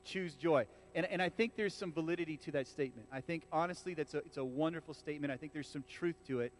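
A man preaching a conversational sermon in a church, casual and animated, often restarting his sentences and talking straight to the congregation. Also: a little high, fast, slight background noise. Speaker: pastor.

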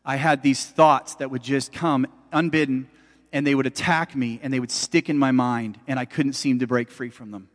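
Here a middle-aged male pastor delivers his sermon in a mid-range voice with fairly even intonation and moderate pace. His manner is emphatic yet conversational, aimed directly at the congregation, and the sound carries a long hall reverb.

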